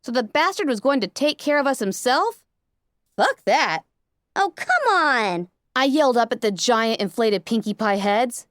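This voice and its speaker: A woman narrating a first-person fan fiction story aloud with a dramatic, expressive delivery. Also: a little high, fairly quick, hardly any pauses, no room sound, clean studio sound. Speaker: audiobook narrator.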